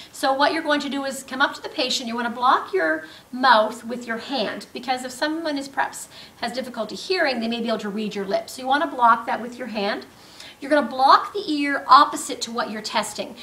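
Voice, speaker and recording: A woman teaching a clinical skills demonstration, explaining step by step with frequent pauses and fillers. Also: on the high side, fairly bright tone, a little hiss or hum. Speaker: nursing instructor. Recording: roomy, distant mic with faint ambience.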